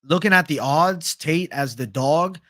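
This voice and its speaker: Young male stream host, slightly high pitch, dry close mic, loose profane chat. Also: measured pace, a bit bright, no room sound. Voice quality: casual, profane, reads chat aloud. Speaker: MMA livestream host. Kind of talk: casual livestream fight picks chat.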